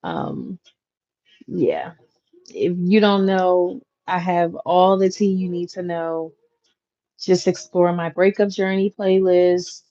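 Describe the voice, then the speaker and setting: A woman in her thirties talks casually to her viewers, easygoing and full of slang and fillers. She speaks slowly in a slightly low voice. The recording is dull and lo-fi. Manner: chatty, relaxed slang, frequent fillers. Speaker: content creator, channel host. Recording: dull lo-fi audio. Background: clacking noise.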